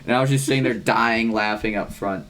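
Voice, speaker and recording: A man's voice: lowish voice, a little fast, a bit bright. A young man co-hosting a podcast, telling long rambling stories with lots of swearing and acted-out quotes. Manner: rambling storyteller, swears a lot, acts out quotes. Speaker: podcast co-host. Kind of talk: casual chat.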